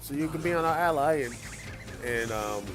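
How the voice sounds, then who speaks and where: A man's voice: a little high, lively intonation, moderate pace. Chatty man over game music. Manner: rambling, chatty, with many fillers. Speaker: game streamer host. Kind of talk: casual chat while playing a game. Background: video game music.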